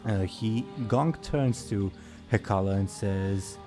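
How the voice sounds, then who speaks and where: A man narrates a tabletop game as game master, in a low, dark and mellow voice. He talks slowly and haltingly, with many fillers. Faint music plays behind him.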